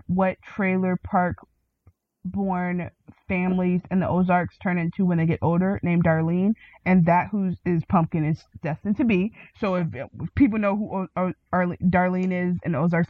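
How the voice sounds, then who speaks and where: A woman podcast host in a casual TV recap chat, animated and acting out quotes with big jumps in pitch. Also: moderate pace, dry recording. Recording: dry tinny phone-like sound.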